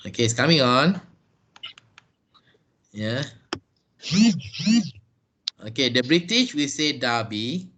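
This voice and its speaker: A man's voice: mid-range voice, animated, slow pace, long pauses, bright, forceful tone, slight background noise. Patient Malaysian man teaching English online. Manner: patient, explains step by step. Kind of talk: online class Q&A. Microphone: video call.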